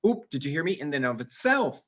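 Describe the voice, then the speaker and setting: Playful, musing man with slightly high voice. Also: sing-song, a little fast, fairly bright tone. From England. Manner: playful, musing, rhetorical questions. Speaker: guest speaker. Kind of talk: playful talk to educators.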